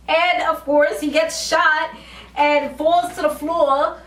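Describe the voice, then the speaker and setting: A woman's voice: sits high, fairly even intonation, slow pace, a bit bright. A woman vlogger recapping a TV episode in casual, slangy talk, animatedly acting out the characters' lines. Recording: roomy, distant from mic, faint ambience.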